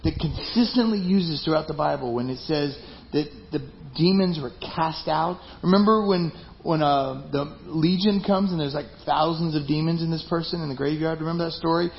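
A man's voice: a little high, moderate pace, creaky, a little hiss or hum. A man preaching a sermon as pastor, emphatic and conversational. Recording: dull lo-fi recording.

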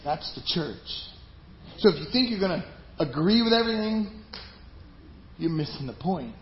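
A man preaching a sermon to his congregation, talking conversationally, with some passages loud and emphatic and others dropped to a hushed aside. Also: high-pitched, expressive, moderate pace, slight background noise. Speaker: pastor. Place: church sanctuary. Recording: roomy, slightly dull live church recording with faint ambience.

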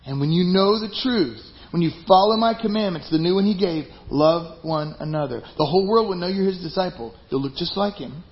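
A man preaching a sermon to his congregation, talking conversationally, with some passages loud and emphatic and others dropped to a hushed aside. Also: sits high, fairly quick, few pauses. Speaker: pastor. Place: church sanctuary. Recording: roomy, slightly dull live church recording with faint ambience.

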